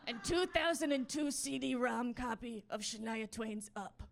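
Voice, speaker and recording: Comedienne as a bewildered little goblin, clipped third-person speech, slightly high. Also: female voice, lively intonation, measured pace, gravelly, noisy background. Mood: baffled. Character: confused little goblin in her head, blunt. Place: comedy stage with audience laughing.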